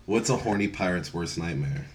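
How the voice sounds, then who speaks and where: A man's voice: low-pitched, lively intonation, normal speed, a crowd in the background. A young man co-hosting a casual podcast, laid-back and chuckling often, with lots of "um" and "like". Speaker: podcast co-host.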